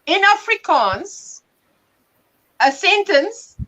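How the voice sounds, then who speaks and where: A woman with a South African accent hosting a casual livestream chat, telling stories with animated bursts of laughter. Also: very high voice, drawn-out words, rough recording. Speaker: livestream host.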